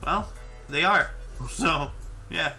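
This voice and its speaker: Bright-voiced jokey man reading history facts. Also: on the high side, takes it slowly, vocal fry, faint music behind. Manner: jokey, reads out dates and events. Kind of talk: casual chat.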